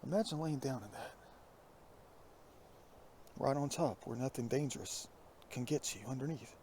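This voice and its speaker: A man vlogging outdoors on a foggy hillside, talking in a hushed, often half-whispered, reflective way into a phone headset mic. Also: medium pitch, normal speed, a little hiss or hum. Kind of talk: musing outdoor vlog. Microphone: iPhone with plugged-in headset.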